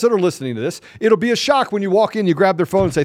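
With a high, lively voice, this middle-aged podcast host races along with hardly any pauses, and the recording carries no room sound. His impassioned, preachy speech keeps circling back to rhetorical questions, growing until he's close to yelling.

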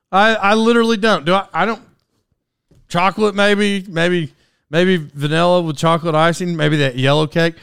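A man's voice: fairly high pitch, normal speed, gravelly, pauses often, a bit bright, smooth, no room sound, clean studio sound. A man in his forties hosting a podcast solo, rambling through a personal story with restarts and laughs at himself. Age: 40s. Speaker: podcast host.

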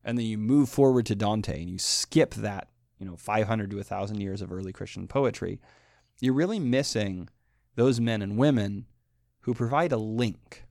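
A man teaching a lecture on poetry, animated and emphatic, who chants the rhythms of the lines aloud. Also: lowish voice, normal speed, vocal fry, dry recording, clean studio sound.

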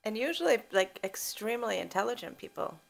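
Young woman podcast cohost, super gravelly fry, soft and easygoing. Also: medium pitch, animated, a little fast. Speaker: podcast co-host. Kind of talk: casual chat.

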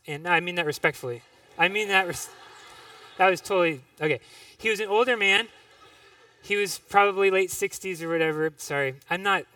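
A man's voice: a little high, bright, forceful tone, no echo. Young male speaker, storytelling sermon, self-deprecating, frequent restarts; dry sound, distant mic.

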